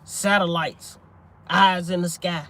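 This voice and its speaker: A man in a casual religious chat, talking in a rambling, animated, profane way and often searching for his words. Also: sits high, slow.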